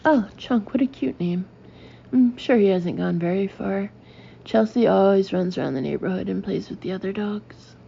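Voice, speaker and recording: A woman's voice: medium pitch, moderate pace, vocal fry, muffled recording, a little hiss or hum. A woman narrator voicing a courteous English neighbor man in a comic memoir audiobook. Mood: friendly.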